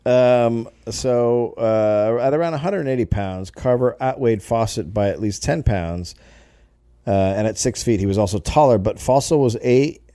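A man's voice: mid-range voice, normal speed, mellow, no room sound, studio quality. A man co-hosting a comedy podcast, reading a history story aloud with jokey asides. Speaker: podcast co-host telling the story.

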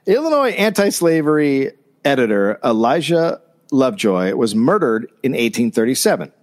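A man's voice: mid-range voice, very animated, normal speed. A man co-hosting a comedy history podcast, reading from notes and adding dry, sarcastic asides. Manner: reads notes, then riffs with dry sarcasm.

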